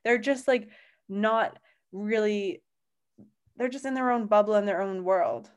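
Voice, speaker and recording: A woman's voice: mid-range voice, unhurried, clear, resonant tone. A young woman with a mid-range voice, co-hosting a casual podcast. She rambles through her thoughts, piling on "like" and apologizing for going off track. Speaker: podcast co-host. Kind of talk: casual chat.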